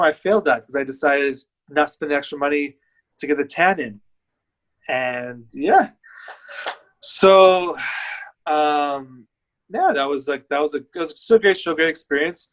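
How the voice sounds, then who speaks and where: A man's voice: fairly high pitch, measured pace, long pauses, fairly bright tone, poor audio. A man guest, a bodybuilder, telling his story in candid, rambling casual chat.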